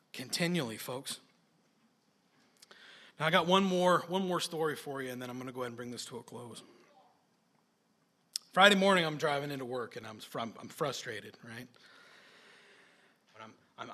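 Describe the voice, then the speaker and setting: A man preaching a sermon, telling personal stories in a folksy, animated way with sudden loud bursts. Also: mid-range voice.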